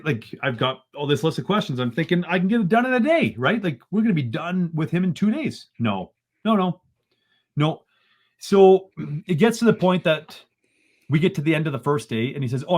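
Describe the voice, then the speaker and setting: A man, a podcast guest retelling events in an animated, exasperated way and often ending lines with "right?". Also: on the high side, moderate pace. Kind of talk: casual storytelling in a podcast interview.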